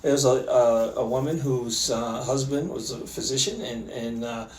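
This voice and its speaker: A middle-aged man, an orthopaedic surgeon, tells stories in a relaxed way, with many fillers and restarts. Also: mid-range voice, moderate pace, echoey room, recorded from a distance, a little hiss or hum, low-quality recording. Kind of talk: conversational storytelling interview.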